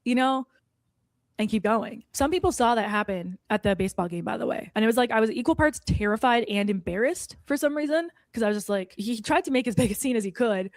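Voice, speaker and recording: A woman's voice: fairly high pitch, animated, fairly quick, dry recording, studio quality. Snarky woman telling a personal story. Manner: frequent "like" fillers, snarky edge. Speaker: storyteller recounting an incident. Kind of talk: confessional video monologue.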